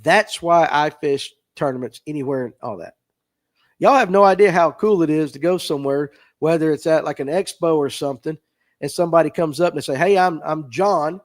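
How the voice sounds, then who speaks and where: A man with a fairly high-pitched voice talks a little fast as he hosts a fishing podcast livestream from a tackle shop. He chats casually and reads viewer comments aloud with a folksy manner.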